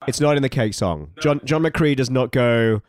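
A man hosting a podcast, moderating the chat in a brisk, wry way. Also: mid-range voice, animated. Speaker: podcast host. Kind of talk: casual chat.

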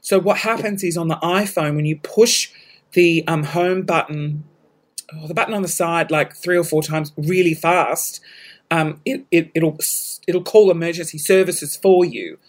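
An Australian man hosting a podcast, telling a story in casual talk, animated, swearing freely and laughing at himself. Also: fairly high pitch, unhurried. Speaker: podcast host.

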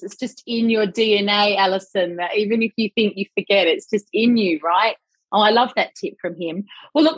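A woman's voice: medium pitch, husky, no echo. A woman hosting a podcast interview, asking questions and responding with enthusiasm. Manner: enthusiastic, affirming. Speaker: podcast host.

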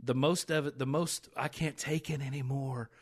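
A man's voice: medium pitch, fairly even intonation, normal speed. A man hosting a rehab ministry podcast, talking in an earnest and emotional way with many restarts. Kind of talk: candid faith podcast chat.

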